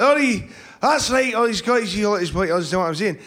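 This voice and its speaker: Hungover guy doing standup, high voice all over the place, slow rambly stammer. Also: lively intonation, a bit bright. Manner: rambling, stammering, scattered starts. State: hungover, worn voice. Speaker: stand-up comedian. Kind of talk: stand-up comedy set. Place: comedy venue stage.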